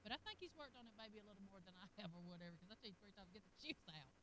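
A middle-aged woman preaching a sermon in a folksy, animated way, with laughing asides, dropping to a hush and rising to a loud call. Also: medium pitch, racing, noisy background.

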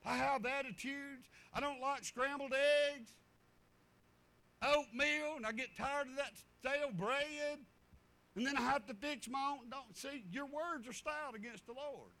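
A man's voice: extremely high pitch, unhurried, bright, forceful tone. A middle-aged man preaching a sermon in a folksy way, repeating himself and acting out stories.

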